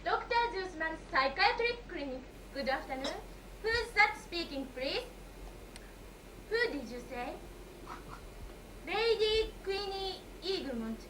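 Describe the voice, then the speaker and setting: A woman playing a prim, dismissive receptionist in an amateur stage comedy, crisp and formal. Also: very high-pitched, lively intonation, slow, pauses often, heavily acted. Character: cool, prim female receptionist. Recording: echoey hall, far mic, hiss.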